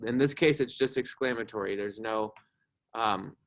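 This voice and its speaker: A man's voice: on the low side, normal speed. A young man teaching a grammar lesson to a class, explaining patiently and checking in with "right?" as he goes.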